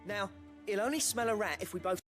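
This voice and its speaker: An actor playing a chatty, slangy working-class friend in a video game. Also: male voice, sits high, brisk, fairly bright tone, soft background music. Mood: coaxing.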